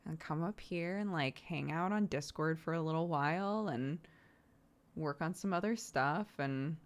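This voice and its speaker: A woman's voice: low voice, measured pace. A woman streaming from home, chatting casually with lots of "like" fillers and frequent laughs. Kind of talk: casual chat.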